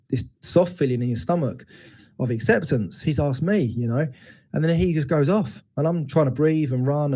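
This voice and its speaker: A man's voice: medium pitch, mellow. A man in his forties, a guest on an interview podcast, telling a painful personal story frankly and thoughtfully, often restarting his sentences. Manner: reflective, frank, with many restarts and acted quotes. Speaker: guest, men's educator.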